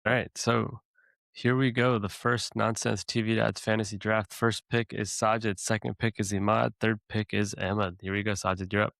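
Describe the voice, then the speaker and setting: Male podcast moderator, very low gravelly voice, dry close sound, wry rule-setter. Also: little pitch movement, normal speed, fairly bright tone, dry recording. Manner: laying out rules, wry. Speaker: draft moderator. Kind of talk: casual podcast chat.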